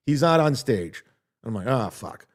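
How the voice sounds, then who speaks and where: Middle-aged male comedian-host, mid-pitched voice, ranting bluntly and profanely about old grudges. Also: sing-song, measured pace. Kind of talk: casual storytelling rant.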